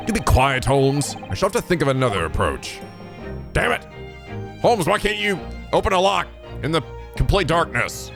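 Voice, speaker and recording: A man's voice: a little high, sing-song, moderate pace, vocal fry, pauses often, over music, voice pushed up. A man voicing an earnest, flustered young male law student in a game, reading with dramatic exasperation. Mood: exasperated.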